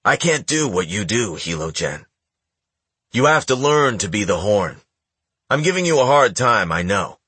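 A man's voice: lowish voice, big pitch swings, moderate pace, pushed and bright, husky, no echo, full character voice. A man reading the lines of a stern young male clan leader in a firm, somber way. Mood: grave, stern.

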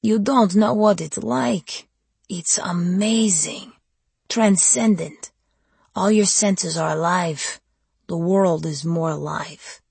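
A woman's voice: slow, vocal fry, darkish tone, slightly rough, dry recording, full character voice. Dmitri, a woman voicing a silky undead man. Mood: seductive. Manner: low, silky and taunting. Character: cold, seductive male undead vampire mentor. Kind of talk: audiobook character voice.

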